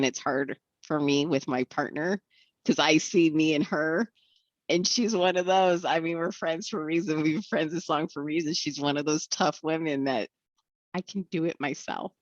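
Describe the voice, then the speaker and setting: A woman's voice: sits low, a little slow, no echo, dull audio. A woman telling her recovery story in a podcast interview, speaking in an earnest, reflective way. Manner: reflective, earnest, acts out quoted voices. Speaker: guest. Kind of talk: candid personal recovery story.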